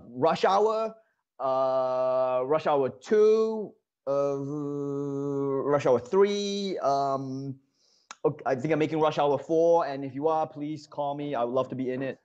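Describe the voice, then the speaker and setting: A man's voice: a little high, unhurried, darkish tone, muffled recording. A man doing comedic sketch banter as a correspondent, mock-indignant and heated, with lots of uh fillers.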